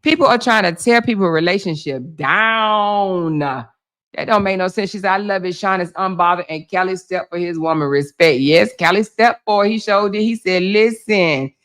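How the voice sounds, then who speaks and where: A woman with speech doing casual gossip commentary on a livestream, animated, laughing often, swearing freely and talking straight to her chat. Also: mid-range voice, moderate pace.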